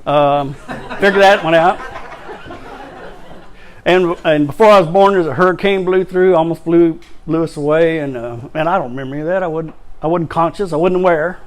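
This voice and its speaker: Man, recovery-meeting speaker, halting emotional share with dry self-mockery, slightly high voice. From Louisiana, raised in Texas. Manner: halting, repeats words, emotional, self-deprecating humor.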